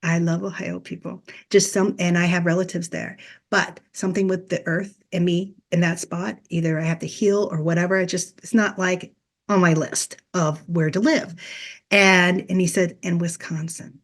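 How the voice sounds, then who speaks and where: A woman's voice: fairly low pitch, steady tone, moderate pace. A middle-aged woman, a Reiki teacher as guest on a podcast, earnestly telling a personal story and acting out past conversations as dialogue.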